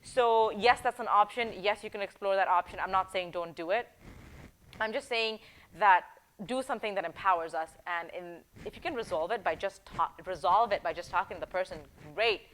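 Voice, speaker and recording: A woman's voice: mid-range voice, fairly quick, fairly bright tone, rough recording. A woman giving workplace advice in a direct, emphatic, conversational way, often checking in with "okay?" and "right?". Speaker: workplace empowerment coach. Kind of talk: advice video talk.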